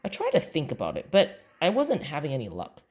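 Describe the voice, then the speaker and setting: Woman, storybook reader, deep-pitched with plenty of melodic movement. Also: wildly swooping pitch, fairly quick, darkish tone. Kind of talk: reading a children's book aloud.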